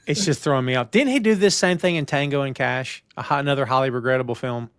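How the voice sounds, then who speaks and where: A man's voice: fast talker, a bit bright, clear, resonant tone, no echo, clean studio sound. A man co-hosting a casual movie commentary podcast, joking around and acting out silly voices. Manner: jokey, acts out silly voices, big pitch swings. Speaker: podcast co-host.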